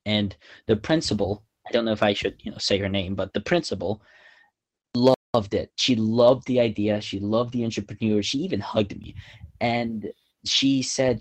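A young man with a lowish voice telling a story on a podcast. He talks in an excitable, halting way, stopping and restarting his sentences as he goes. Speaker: podcast guest. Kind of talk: casual storytelling.

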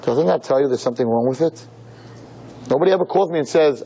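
Emphatic rabbi preaching to young women. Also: male voice, quick pace, mellow, rough recording. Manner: emphatic and preachy, fond of rhetorical questions and repetition; pitch swings widely, jumping high on key points. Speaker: rabbi lecturing a room of girls. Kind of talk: sermon-style lecture to a live audience.

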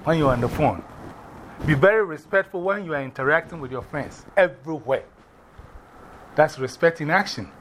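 A man with an African accent teaching a class, animated and often putting questions to the students. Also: fairly high pitch, normal speed, long pauses, a little hiss or hum.

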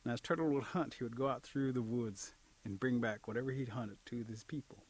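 A man telling an animal folk tale in a relaxed, chatty way with humorous asides. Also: mid-range voice, brisk. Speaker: storyteller.

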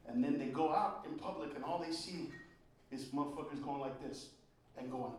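A middle-aged man doing a stand-up routine on stage, ranting profanely and often shouting. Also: fairly high pitch, steady tone, fast. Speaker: stand-up comedian. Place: stage before a live audience. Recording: echoey venue, distant mic, crowd laughter. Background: audience laughter and room noise.

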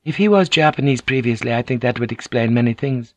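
A male reader voicing a poised, courteous samurai noblewoman who speaks softly and formally. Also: medium pitch, animated, fast talker, no echo, lightly acted. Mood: polite. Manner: soft, formal and deferential.

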